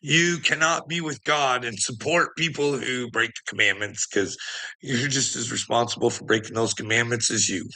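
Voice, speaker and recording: Profane rambling man with a gravelly voice. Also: mid-range voice, normal speed, pushed and bright. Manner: profane, rambling, laughing often. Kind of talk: casual rant to viewers.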